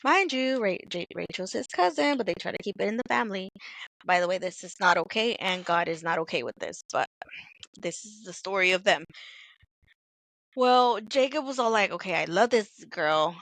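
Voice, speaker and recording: A young woman casually retelling Bible stories on a podcast, chatty, acting out dialogue with quick asides. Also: mid-range voice, expressive, vocal fry, a bit bright, no room sound. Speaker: podcast co-host.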